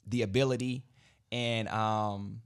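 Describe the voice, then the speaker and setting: A man in a casual podcast conversation, explaining his business in a relaxed way, often repeating words and restarting sentences. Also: on the low side, slow pace, clean tone. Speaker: guest, credit business owner.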